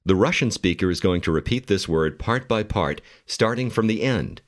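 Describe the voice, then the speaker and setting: A man giving calm, measured instructions as the narrator of a language course. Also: fairly low pitch. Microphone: studio mic.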